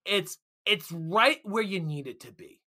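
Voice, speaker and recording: Excitable bright-voiced man. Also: high-pitched, a little slow. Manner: enthusiastic, excitable, laughs often. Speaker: film podcast co-host. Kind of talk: casual chat.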